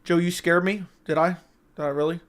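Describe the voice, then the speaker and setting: A young man hosting a casual livestream from a room at home, talking close into a studio mic, joking and crude, with sudden loud bursts. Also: high voice, steady tone, fairly quick. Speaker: livestream host. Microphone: close studio mic with audio interface.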